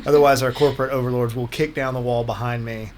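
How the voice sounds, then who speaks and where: A man's voice: mid-range voice, steady tone, fast, background noise. A man hosting a radio talk show, chatting casually and joking in a rambling way. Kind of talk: casual panel chat.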